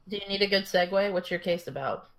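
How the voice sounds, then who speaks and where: A woman co-hosting a casual podcast with a bright, clear voice. She is chatty and giggly, and laughs through her stories as she talks with friends. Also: mid-range voice, quick pace. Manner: giggly, chatty, acts out quotes. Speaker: podcast co-host. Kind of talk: casual chat.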